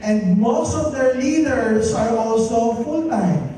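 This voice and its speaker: A man's voice: very high-pitched, slow pace, warm tone, slight background noise. Filipino man rallying a hall crowd. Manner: rallying, call-and-response, mixes English and Tagalog. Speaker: company founder presenting to an audience. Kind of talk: motivational stage speech. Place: large hall with live audience. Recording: roomy hall from far off.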